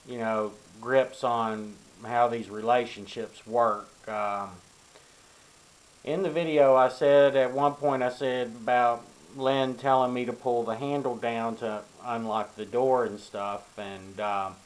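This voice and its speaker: A man's voice: mid-range voice, steady tone, slow, low-quality recording. An older man from Arkansas, giving casual, rambling advice to young men, full of ums and you-knows. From Arkansas, USA. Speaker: vlogger. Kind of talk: casual advice talk to camera.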